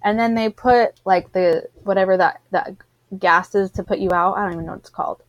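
A woman's voice: medium pitch, brisk, no echo, muffled recording. Woman telling a story, dry close sound. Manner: animated storyteller, acts out what others said. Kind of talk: casual chat, personal birth story.

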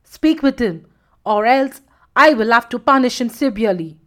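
A stern, indignant lion father who heads his pride and speaks loudly in a storybook tale, as a woman narrator puts him on. His lines come out forceful and raised, with a lively, rising pitch. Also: measured pace. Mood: angry. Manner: loud, indignant.

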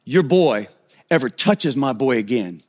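An adult man voicing a stern, imposing father who speaks in low, curt threats. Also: animated, unhurried, long reverb tail.

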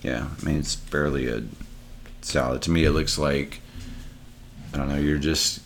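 Very deep gravelly man. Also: fairly even intonation, normal speed, slight background noise. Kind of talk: casual chat.

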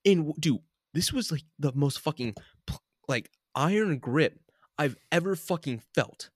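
Animated young man telling a wild story. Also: fairly high pitch, unhurried, dry recording, studio quality. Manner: animated, swears freely, laughs often. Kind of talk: casual storytelling chat.

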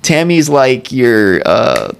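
A man co-hosting a casual podcast, retelling cartoon scenes in a rambling, animated way and jumping into quoted voices. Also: medium pitch, takes it slowly, gravelly, clear, resonant tone. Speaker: podcast co-host. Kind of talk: casual chat.

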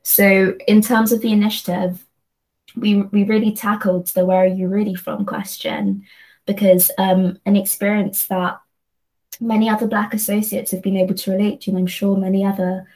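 Earnest woman, flat even voice. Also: mid-range voice, normal speed, rough recording. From London, England. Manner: earnest, thinking aloud with frequent restarts. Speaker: guest, company associate. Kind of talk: reflective conversational discussion.

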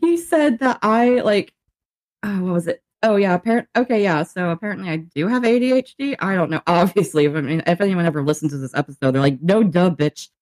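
Speaking fast in a fairly low-pitched voice, a young podcast co-host recounts a story during casual banter. She is animated, laughs frequently, and swears freely.

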